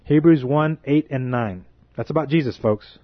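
A man's voice: medium pitch, no echo. Impassioned preacher man, dry muffled sound. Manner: impassioned, indignant, drawn-out emphatic phrases. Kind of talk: fervent preaching monologue.

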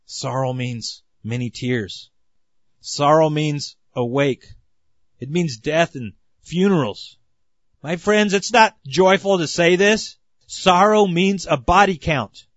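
A man's voice: a little high, fairly bright tone, no room sound, dull audio. A man preaching a sermon in an earnest, emphatic way, often calling the listeners "my friends.".

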